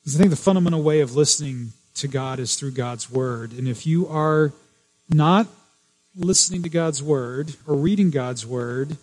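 Male pastor, slightly high pitch, earnest sermon delivery with repeats and restarts. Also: moderate pace, a little mellow, poor audio. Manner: earnest, repeats key phrases, frequent restarts.

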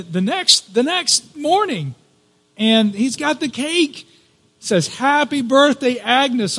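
A man's voice: high voice, a bit bright. Man preaching in a reverberant hall. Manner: conversational, halting with fillers and restarts. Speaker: pastor. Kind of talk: sermon storytelling. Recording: long reverb of a large hall.

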